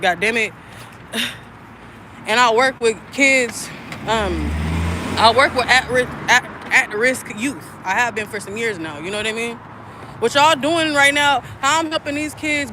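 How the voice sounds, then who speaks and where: A woman's voice: fairly high pitch, pushed and bright, a little hiss or hum. A woman around thirty in a candid, rambling livestream chat, swearing freely and filling gaps with "like" and "um". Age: about 30. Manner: candid, profane, rambling with frequent fillers. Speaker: spiritual content creator and mother.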